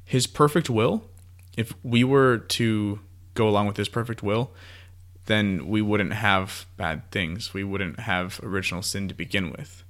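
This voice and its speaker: Low-voiced man explaining faith ideas. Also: unhurried, a bit bright. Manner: explains ideas with frequent "like" and "you know". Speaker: podcast co-host. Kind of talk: casual faith discussion.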